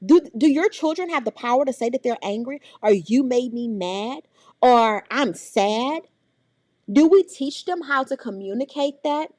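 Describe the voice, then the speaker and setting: A middle-aged woman, teaching a parenting workshop in an animated way and acting out the voices of scolding adults and children. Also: on the high side, unhurried, no echo, studio quality. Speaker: early childhood trainer.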